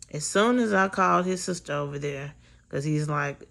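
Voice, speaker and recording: A woman's voice: deep voice, moderate pace, vocal fry, fairly bright tone. A woman casually telling a blunt, profane story to her camera in a storytime vlog.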